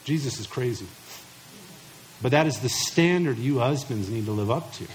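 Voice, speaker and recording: A man's voice: mid-range voice, expressive, moderate pace, slight background noise, low-quality recording. A middle-aged man preaching a sermon to husbands, emphatic and direct, acting out imagined listeners in mock voices. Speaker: pastor.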